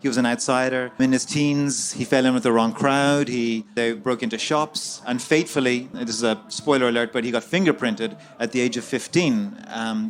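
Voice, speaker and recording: A man's voice: medium pitch, slight background noise. A man, an author guest in an interview, recounting a story at length with many fillers and restarts.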